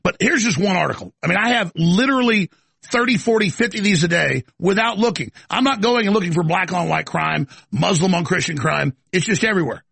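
Ranting talk show guy, gravelly husky voice, fired up, keeps restarting. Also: sits high, animated, brisk, a bit bright, dry recording. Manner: heated, rambling, stammering restarts. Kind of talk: ranting live commentary. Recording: live studio broadcast.

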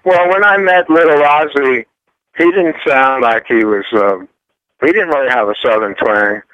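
A man's voice: mid-range voice, moderate pace, no room sound, lo-fi sound. A man from France, a guest musician chatting in a casual radio interview, rambling and repeating words as he tells stories.

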